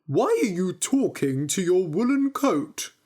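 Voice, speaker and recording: A woman voicing a gullible middle-aged farmer who asks slow, wondering questions. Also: on the low side, very animated, a little mellow. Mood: curious.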